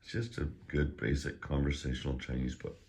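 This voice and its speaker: A middle-aged man teaching a casual online Chinese lesson, chatty and joking, who drills syllables louder and higher while his voice gets tired. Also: little pitch movement, a little fast. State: voice getting tired.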